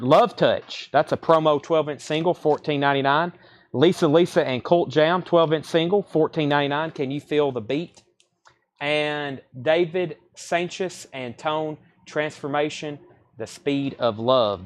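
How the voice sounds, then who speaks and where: A man hosting a live record sale stream, rattling off titles and prices with casual asides. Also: a little high. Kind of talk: live sales stream chat.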